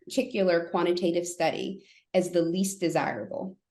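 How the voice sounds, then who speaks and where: Animated woman telling a story in a room. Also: on the low side, normal speed. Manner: animated, acts out quoted voices. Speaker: guest, therapist. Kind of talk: storytelling in a podcast interview. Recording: echoey room.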